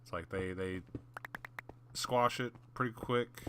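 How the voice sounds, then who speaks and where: A man's voice: fairly low pitch, takes it slowly, background noise. A man hosting a gaming channel, telling a long story in a rambling way with many fillers and restarts, and muttering the odd whispered aside. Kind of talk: casual storytelling over gameplay.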